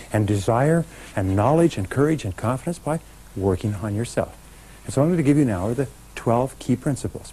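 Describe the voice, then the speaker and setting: Warm and slightly rough, a mid-range male voice carries a middle-aged man's motivational seminar talk. He speaks emphatically, directly to the live audience, and leads call-and-response chants, all in a rough recording.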